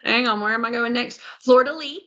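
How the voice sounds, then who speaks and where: Bright-voiced woman podcast co-host. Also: fairly high pitch, fairly quick, dull audio. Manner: stumbles over foreign names and laughs at herself. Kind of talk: casual chat reading a festival menu.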